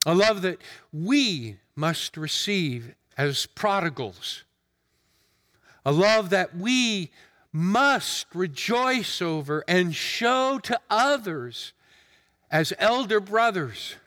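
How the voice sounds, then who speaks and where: A male preacher giving an earnest, emphatic sermon in a deliberate manner. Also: sits high, animated, pushed and bright. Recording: long hall reverb.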